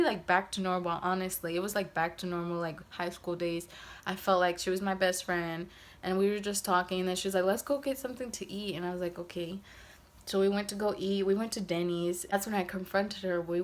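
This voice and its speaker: A woman in her twenties recounting a personal story in a loose, conversational way. Her voice sits on the low side, and she keeps dropping in fillers and acting out quoted asides. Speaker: vlogger. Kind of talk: casual storytime.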